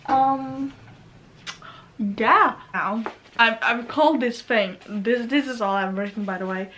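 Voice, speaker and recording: A woman's voice: fairly high pitch, takes it slowly, pushed and bright, a little hiss or hum. A young Norwegian woman with a Norwegian accent, rambling nervously in a casual vlog at home, often correcting herself. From Norway. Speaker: vlogger. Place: at home near her computer.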